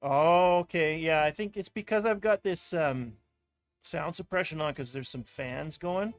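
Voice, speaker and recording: A chatty, playful man talks to his viewers while cracking card packs in a room at home. His voice sits a bit higher than most men's. Faint music plays underneath. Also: measured pace. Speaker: channel host opening card packs. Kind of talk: casual chat while opening packs. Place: room at home with fans running.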